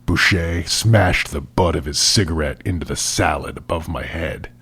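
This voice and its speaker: A man's voice: extremely low pitch, moderate pace, a bit bright, breathy edge. A man co-hosting a comedy podcast, reading a book aloud and chatting wryly. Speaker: podcast co-host. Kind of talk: casual chat and dramatic reading.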